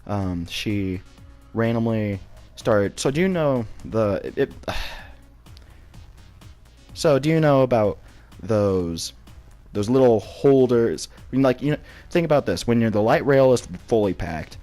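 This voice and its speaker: A man's voice: mid-range voice, lively intonation, a little slow, pauses often, dark tone, soft background music. A young man casually telling a personal story, rambling with many restarts and some swearing.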